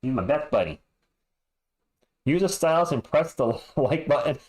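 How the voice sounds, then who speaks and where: A man's voice: on the high side, lively intonation, moderate pace, darkish tone, low-quality recording. A man hosting a fan livestream, reading halftime stats and chat messages with frustrated, sarcastic commentary.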